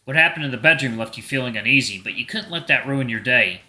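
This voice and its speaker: A man's voice: medium pitch, fast talker, sharp tone. A young man reading a visual novel aloud, narrating in the second person.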